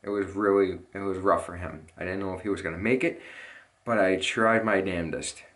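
A man's voice: low-pitched, fairly even intonation, brisk, a bit bright. A young adult man telling a personal story as a vlogger, in a rambling, urgent way and with casual swearing. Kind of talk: emotional storytelling to camera.

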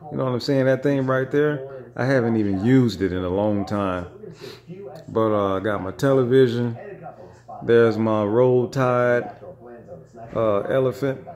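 A man's voice: mid-range voice, fairly even intonation, a little slow, long pauses, darkish tone. A man making a casual home vlog in his living room, teasing his dog with playful trash talk and slang, filmed on a phone camera. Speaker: vlogger.

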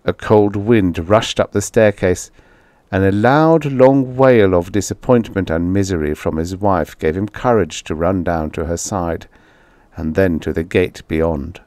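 A man narrating a vintage horror short story as an audiobook, in a slow and dramatic storytelling manner. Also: low voice, a little mellow, no room sound.

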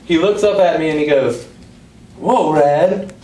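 A man's voice: on the high side, animated, fast talker, a little mellow, a little hiss or hum. A man performing stand-up comedy on a club stage, telling a story in a laid-back way and laughing at his own jokes. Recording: echoey club recorded from far off with audience. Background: audience laughter.

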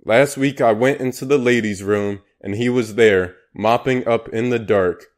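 A man's voice: medium pitch, moderate pace, close to an everyday voice. A man reading the part of a gossipy female store clerk in a confiding tone. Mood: gossiping.

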